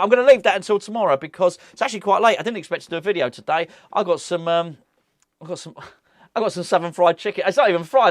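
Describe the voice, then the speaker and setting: A man hosting a football fan channel, chatting in a casual, rambling and excitable way, often laughing at his own asides. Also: on the high side, dry recording, studio quality. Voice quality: moustache. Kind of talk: casual fan vlog chat.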